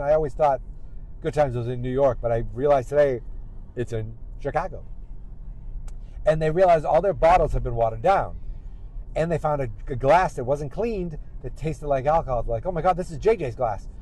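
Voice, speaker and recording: A man's voice: a little high, a little fast, dark tone, rough recording. A man hosting a podcast, chatting casually while driving and recapping an episode in a rambling way. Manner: rambling, acts out quotes in raised voices. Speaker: podcast host. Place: car.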